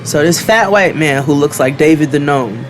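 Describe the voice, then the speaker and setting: A podcast co-host spinning a wild story, cussing freely and jumping into the voices of everyone involved. His voice sits a little higher than most men's, and he talks with real energy. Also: moderate pace, a little hiss or hum. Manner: animated, profane, acts out quotes. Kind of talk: casual storytelling.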